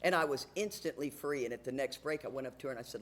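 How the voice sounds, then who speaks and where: A woman's voice: extremely low pitch, a little fast, hardly any pauses. Older lady sharing at an aa meeting, chatty, laughs a lot, straight talk. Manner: chatty, laughs often, tells stories frankly. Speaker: AA speaker. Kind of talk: recovery talk with personal stories. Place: AA meeting room.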